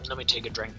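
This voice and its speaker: A young man in his twenties chats casually while streaming a game, blunt and teasing, with plenty of swearing. His voice is bright with a sharp edge, and faint music plays underneath. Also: medium pitch, rough recording. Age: 20s. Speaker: co-host of a game let's play stream. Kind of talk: casual gaming banter.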